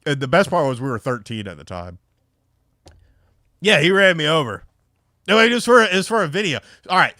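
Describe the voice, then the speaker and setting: A man's voice: fairly high pitch, sing-song, brisk, long pauses, pushed and bright, dry recording, clean studio sound. A young man from North Carolina, chatting on a casual livestream and telling rambling, profane stories full of fillers. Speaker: streamer.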